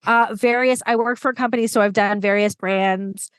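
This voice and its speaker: A woman storytelling coach chatting as a podcast guest, lively and enthusiastic with quick asides. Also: mid-range voice, clean tone, no room sound. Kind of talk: casual conversation.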